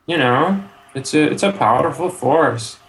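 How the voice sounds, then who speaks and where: A man talking in a relaxed, rambling way as a podcast guest. He swears freely and keeps dropping in "you know". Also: fairly high pitch, unhurried, crowd noise. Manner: laid-back, swears freely, rambling asides; trails off with frequent "you know". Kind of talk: casual chat.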